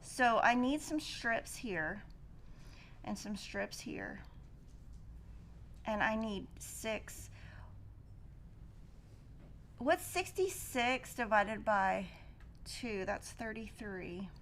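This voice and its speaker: Slow and full of long pauses, this middle-aged quilting show host speaks in a fairly high, somewhat bright voice as she cuts fabric. She chats casually, shares stories and reasons through the math aloud, with slight hiss or hum present.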